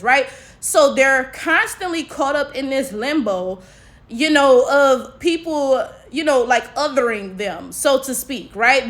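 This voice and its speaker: A high-pitched African American woman from the United States talks straight to her audience with plenty of sass. She fills her commentary with "right?" and "you know" and keeps it loose and conversational. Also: fairly bright tone. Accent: African American English. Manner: chatty, sassy, full of tags like "right?". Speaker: commentary vlogger. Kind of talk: casual opinion commentary.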